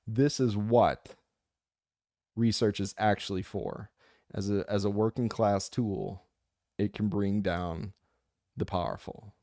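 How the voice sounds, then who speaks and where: A man with a low, gravelly voice chats straight into the mic, dark in tone and dry in sound. He drifts between passionate rants and joking asides while reading comments from his listeners. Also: steady tone, takes it slowly, pauses often, no room sound. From United States. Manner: impassioned, rambling, jokey. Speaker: audiobook narrator and channel host. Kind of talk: casual chat reading comments.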